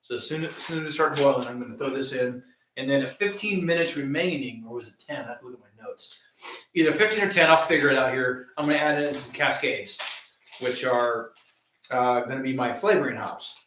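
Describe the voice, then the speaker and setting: A man co-hosting a home brew stream, calmly explaining his recipe step by step. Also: mid-range voice, a little fast. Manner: easygoing, explains step by step with fillers. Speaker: homebrewer co-host of a live stream. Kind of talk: casual explaining chat. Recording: echoey and distant, light hiss.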